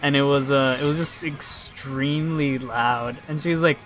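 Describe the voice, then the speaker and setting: A man's voice: medium pitch, fairly even intonation, normal speed, over music. A young man chatting casually while he plays a game, telling a rambling story and swearing freely into a headset mic. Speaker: gaming streamer. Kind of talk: casual chat while playing.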